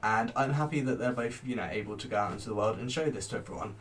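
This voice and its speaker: A man's voice: medium pitch, fast, a bit bright, distant mic. A man who performs as a drag queen, chatting casually from a home office as he reviews a TV show, bubbly and giggly with lots of rambling fillers.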